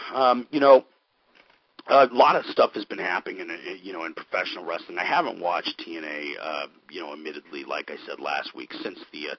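A man hosting a casual radio show, rambling with lots of fillers in a gruff manner. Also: low-pitched, no echo. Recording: dull lo-fi recording.

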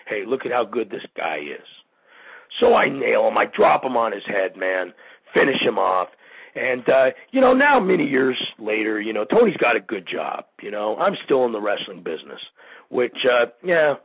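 A man hosting a show, a pro wrestler ranting in a heated, animated monologue full of "you know" and "man.". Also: fairly low pitch, vocal fry, slightly rough, no room sound, lo-fi sound. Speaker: podcast host, pro wrestler.

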